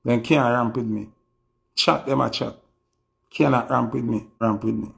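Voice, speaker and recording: A Jamaican man speaks on a live stream, delivering slow, emphatic warnings. His mid-pitched voice carries a gravelly fry throughout. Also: fairly even intonation, a bit bright.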